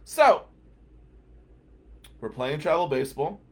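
A husky man spins a casual story, his pitch leaping around as he goes. He bursts out loud and then sinks into low, half-muttered asides. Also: takes it slowly. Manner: animated, swings from loud outbursts to low mutters. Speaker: host telling a story.

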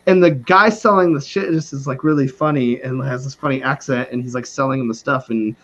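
A man's voice: mid-range voice, a little fast, a bit bright, highs cut off. A man who is a podcast guest, talking in a loose, rambling way, swearing freely and often trailing off and starting over. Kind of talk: casual chat.

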